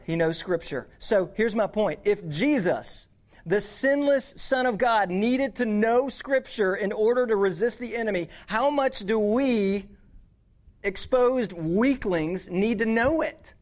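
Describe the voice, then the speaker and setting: Earnest male youth pastor, high voice, casual and repetitive delivery. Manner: conversational, earnest, repeats words. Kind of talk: sermon to teenagers.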